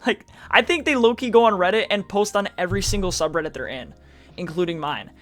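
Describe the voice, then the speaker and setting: A man's voice: high-pitched, animated, a little fast, fairly bright tone, faint music behind. A man streaming casual reddit reaction commentary, chatty with sarcastic asides, reading posts aloud in a mocking tone.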